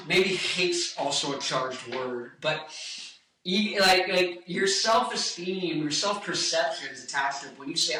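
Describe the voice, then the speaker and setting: A man's voice: a little high, a little slow, bright, forceful tone, recorded from a distance. A man in his twenties, a singer, giving casual vocal advice in a rambling way full of fillers. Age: 20s. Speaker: singer and vlogger. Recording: echoey room, voice off-mic.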